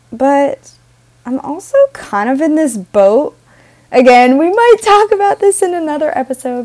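A young woman with a slightly high voice chats alone on her podcast, wandering off on tangents and laughing at herself. She talks casually and loosely, as if to friends. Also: darkish tone. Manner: rambling, self-interrupting, giggly. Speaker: podcast host. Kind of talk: casual solo podcast ramble.

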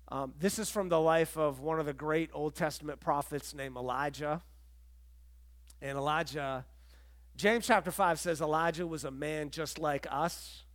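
A man's voice: fairly high pitch, a bit bright. A middle-aged man preaching a sermon as pastor, telling stories in a conversational way and acting out the quotes. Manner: conversational storytelling, acts out quotes.

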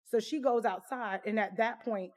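Woman, casual personal storytelling, candid, conversational, higher voice. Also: moderate pace. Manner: candid, conversational, full of fillers.

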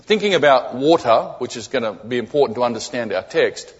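A man's voice: mid-range voice, expressive, a little fast, breathy edge. A man preaching a sermon in a church as a guest speaker. He keeps it conversational, checks in with the congregation often, and repeats key phrases for emphasis. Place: church sanctuary. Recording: echoey hall, dull lo-fi sound.

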